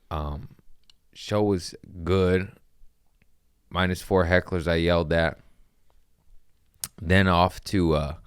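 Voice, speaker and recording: A man's voice: sits low, clear, resonant tone, no room sound, clean studio sound. A young man and comedian telling rambling, profane stories on a casual podcast, saying bro a lot.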